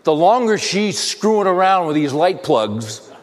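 A man hosting a talk, telling a personal story in a halting, restarting way that turns heated. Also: high-pitched, sing-song. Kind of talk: anecdotal monologue. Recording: long hall reverb.

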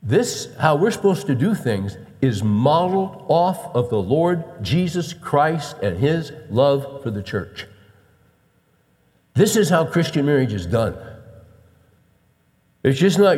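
A middle-aged man preaching a storytelling sermon as a pastor, swinging between loud bursts and hushed emphasis. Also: on the high side, sing-song, slow pace, long pauses. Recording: long reverb of a large hall.

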